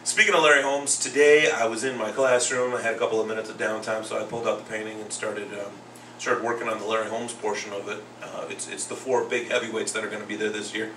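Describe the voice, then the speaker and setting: A podcast host who is also a second grade teacher runs a casual boxing talk show, speaking fast in a lowish voice. He's an animated storyteller who acts out what others said, recorded far from the mic with roomy echo and faint noise.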